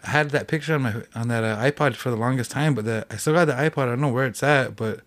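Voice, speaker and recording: A man as a podcast guest, telling a hunting story in a rambling way, full of "like" fillers. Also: mid-range voice. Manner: fast rambling with many "like" fillers. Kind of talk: casual storytelling.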